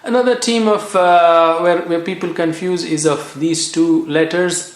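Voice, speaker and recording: A man from Asia, teaching Quran reading in a patient way and repeating each sound slowly for practice. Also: fairly high pitch, fairly bright tone. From South Asia. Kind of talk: recorded language lesson. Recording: echoey room.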